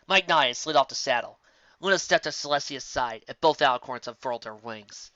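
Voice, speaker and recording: A reader narrating fan fiction aloud in an animated way. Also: mid-range voice, quick pace, no echo. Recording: dull lo-fi home recording.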